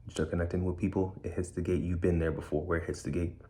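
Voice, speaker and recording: A man's voice: low voice, little pitch movement, fast, warm tone. A man speaking bluntly and candidly in a streetwise way, repeating key phrases. He is indoors in a room of a borrowed house. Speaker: speaker sharing his story. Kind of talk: candid personal talk.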